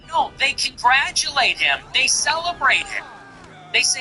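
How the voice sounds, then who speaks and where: A man with a high, piercingly sharp voice delivers a commentary monologue as host. He hammers his points home with emphatic, repetitive declarations, and a faint hiss sits under the recording. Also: very animated, unhurried, rough recording. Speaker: show host.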